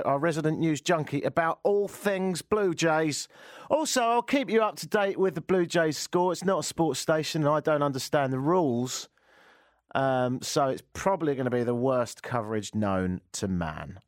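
In a slightly high voice with no echo, a studio radio host delivers comic, sarcastic rants poking fun at himself and mimicking chants.

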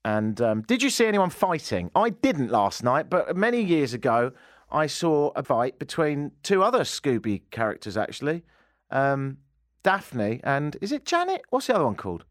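Radio host, male, animated comic storyteller, jokes at his own expense, dry studio sound. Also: mid-range voice, moderate pace, dry recording. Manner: self-deprecating, rambling anecdotes with jokes. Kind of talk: comedic talk radio monologue. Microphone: studio microphone.

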